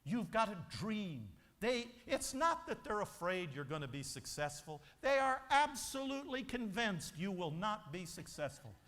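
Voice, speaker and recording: Man, motivational speaker, emphatic storytelling, high lively pitch, convention hall. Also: normal speed, few pauses. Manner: emphatic, preacher-like storytelling with acted voices. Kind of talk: motivational speech to a convention audience. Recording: long hall reverb.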